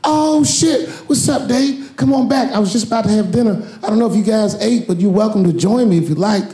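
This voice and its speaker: A comedian impersonating a smug bragging star. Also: male voice, high-pitched, warm tone, pitched above the performer's own voice. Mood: excited welcoming. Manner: bragging, drawn-out boasting. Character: impression of a famous comedian, male, smug, showy. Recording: roomy live stage recording with audience.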